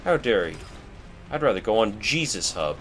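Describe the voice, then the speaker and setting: A man's voice: on the low side, big pitch swings, normal speed, a bit bright, slight background noise. A man voicing a fanatical male preacher who rants shrilly and mockingly at heretics during game commentary. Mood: ranting.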